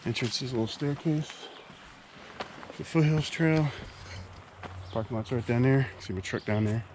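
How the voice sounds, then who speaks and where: A man's voice: medium pitch, moderate pace. A man in his thirties chatting casually while he hikes, with lots of fillers. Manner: relaxed, chatty, many fillers. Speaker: hiking vlogger. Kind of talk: casual vlog narration. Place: outdoors on a wooded trail. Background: wind, outdoor nature sounds.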